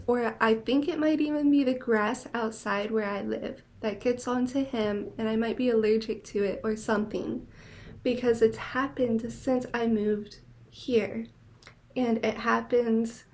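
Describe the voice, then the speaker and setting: A young woman chats on her own podcast in a loose, gushing way, with "like" in nearly every line. Her voice sits a little higher than most women's. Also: a little mellow. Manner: chatty, many "like" fillers, gushing. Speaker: podcast host. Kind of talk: casual monologue.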